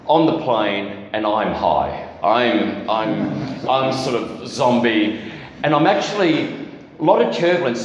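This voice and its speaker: A man's voice: mid-range voice, animated, unhurried, lo-fi sound, a little hiss or hum. A man giving a candid testimony as guest preacher at a church, telling a personal story with self-deprecating humor. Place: church hall. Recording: echoey church hall.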